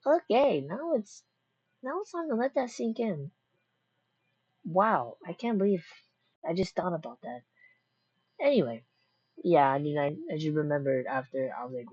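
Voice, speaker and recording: A woman's voice: low-pitched, animated, normal speed, a little mellow, husky, dry recording, dull audio. A woman chatting casually while she reacts to a scary video, rambling and cracking jokes with many restarts. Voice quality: rambling, jokey, self-interrupting.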